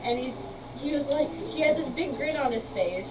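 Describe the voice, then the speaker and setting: Gushy chatty woman at a game table, loud noisy background, far from the mic. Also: high voice, expressive, normal speed. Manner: chatty, gushing storyteller. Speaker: player. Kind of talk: casual chat.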